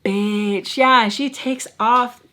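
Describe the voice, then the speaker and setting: A young woman telling a casual storytime, chatty and animated, swearing freely and filling talk with "like". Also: a little high, drawn-out words. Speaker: storytime vlogger.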